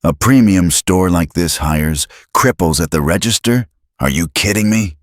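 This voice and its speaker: A man's voice: low-pitched, lively intonation, normal speed, no room sound, clean studio sound. A man voicing an arrogant male customer who barks and sneers with contempt. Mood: contemptuous. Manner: sneering, barking.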